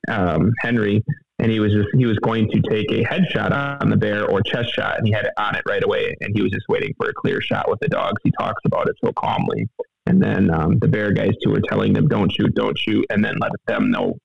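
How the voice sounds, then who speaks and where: Middle-aged man, gravelly and low, flat delivery, rambling and earnest, tinny phone line. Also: fairly quick. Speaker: guest telling a hunting story. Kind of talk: casual storytelling interview.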